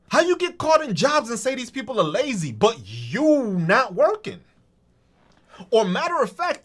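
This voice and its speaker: A man rants on his podcast with a high, lively voice that leaps all over its range. He talks in a heated, profane, mocking way. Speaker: podcast host. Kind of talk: ranting political monologue.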